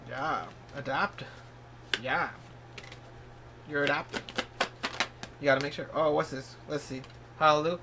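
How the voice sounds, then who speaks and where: A man giving a casual tarot reading in a vlog. He talks in a rambling, encouraging way, full of "like" and "you know", and breaks into sudden high-pitched bursts of surprise. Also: steady tone, unhurried, long pauses, background noise. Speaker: tarot reader.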